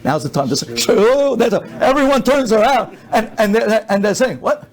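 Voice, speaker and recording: Animated storytelling rabbi, high voice. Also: male voice, moderate pace. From United States. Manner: animated storyteller, acts out the people in his story. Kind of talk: storytelling sermon.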